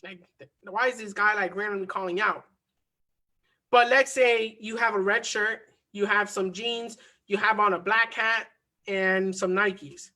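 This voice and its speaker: A man coaches on marketing and mindset in an energetic motivational lesson, circling back to repeat his key lines. His voice sits fairly high for a man, with a bright, forceful edge. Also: a little slow. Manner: energetic, repeats phrases for emphasis.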